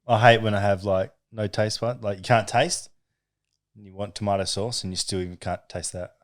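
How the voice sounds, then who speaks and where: Young man, lowish voice, sweary podcast banter, laughs a lot. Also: steady tone, brisk, no echo, studio quality. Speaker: podcast co-host. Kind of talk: casual banter.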